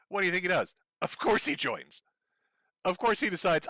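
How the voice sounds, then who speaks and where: A man's voice: sits high, big pitch swings, fairly quick, pushed and bright, no room sound. A man hosting a live stream who gives sarcastic, profane commentary on clips and often breaks into laughter. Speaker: stream host.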